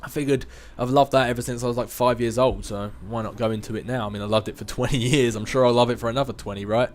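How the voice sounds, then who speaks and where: A man's voice: mid-range voice, fairly even intonation, fast. A man in his twenties answering viewer questions in a casual chat, rambling, self-mocking and chuckling often. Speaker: gaming video host answering viewer questions.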